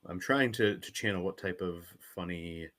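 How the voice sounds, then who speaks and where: A man's voice: deep voice, normal speed, pushed and bright. A man co-hosting a sports podcast, recapping games in casual chat with an announcer-like lilt. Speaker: podcast co-host.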